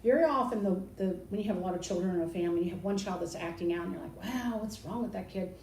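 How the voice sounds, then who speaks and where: Animated older woman, distant outdoor mic. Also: fairly low pitch, rapid-fire, vocal fry. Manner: animated, mimics others with sarcastic quotes. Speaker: Christian speaker. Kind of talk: casual teaching talk. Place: balcony outdoors. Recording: roomy, distant, faint background noise.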